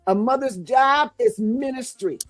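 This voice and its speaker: A woman's voice: high voice, measured pace, dry recording, soft background music. Fervent woman preaching encouragement. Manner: fervent, repetitive, declaring. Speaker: guest author.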